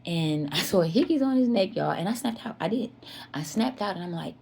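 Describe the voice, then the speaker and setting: A woman's voice: on the low side, animated, fairly quick, gravelly, darkish tone, slight background noise. A woman telling a candid personal story to her viewers in an earnest, confessional way. She repeats herself for emphasis and often speaks to her listeners as "y'all.".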